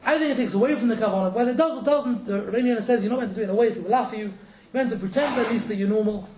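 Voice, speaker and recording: A man teaching a casual religious lesson, quick and joking, chuckling between points. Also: sits high, reverberant, background noise. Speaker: rabbi teaching a class.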